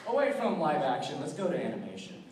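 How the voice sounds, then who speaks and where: Teen boy performer, jokey stage patter, echoey high school hall with audience. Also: fast. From California. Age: teens. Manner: jokey, lively emcee delivery. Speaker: talent show performer. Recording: echoey hall from far off with crowd.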